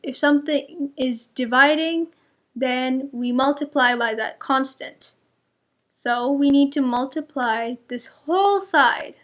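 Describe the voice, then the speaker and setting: A young woman with a high voice explains algebra slowly and carefully, one step at a time. She is a patient tutor who checks each answer for her young students. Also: a bit bright. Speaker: math tutor.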